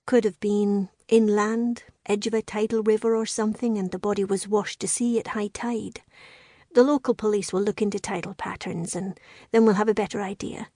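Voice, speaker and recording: A woman's voice: medium pitch, flat delivery, normal speed, mellow, dry recording, clean studio sound, lightly acted. A woman voicing a kindly female medic with a Scottish accent, speaking in a soothing, motherly way. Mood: gentle.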